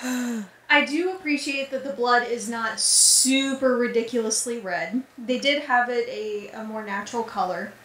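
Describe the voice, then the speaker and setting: A woman's voice: a little high, a little slow, a bit bright, slight background noise. A woman co-hosting a casual movie-review podcast, opinionated and emphatic. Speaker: podcast co-host. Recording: echoey room, far from mic.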